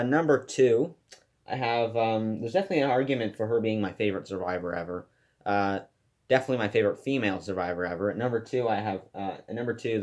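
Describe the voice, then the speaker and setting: A man giving a casual, enthusiastic class presentation about a TV show he loves, rambling with fillers and restarts. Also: lowish voice. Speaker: student presenter.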